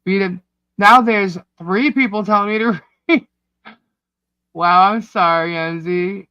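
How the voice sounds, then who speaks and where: A man with a New York accent co-hosting a casual livestream, reading chat comments out loud in a scattered, distracted way. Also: high-pitched, slow, smooth, no room sound, lo-fi sound. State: hiccups. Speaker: livestream co-host. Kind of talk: casual live-stream chat.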